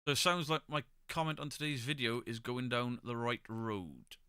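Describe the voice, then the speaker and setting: A man's voice: mid-range voice, moderate pace, bright, forceful tone, clean tone, no echo, studio quality. A man hosting a casual live stream, reading viewer comments and giving blunt, opinionated takes with the odd swear. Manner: chatty, opinionated, swears freely. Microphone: desk microphone, pulled close.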